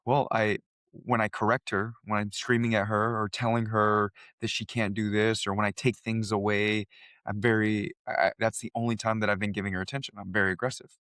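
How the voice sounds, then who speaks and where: A man co-hosting a podcast draws on his coaching work, speaking earnestly and with conviction. His voice sits a little low and sounds close and dry. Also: flat delivery, fairly quick, fairly bright tone, no room sound. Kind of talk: casual chat.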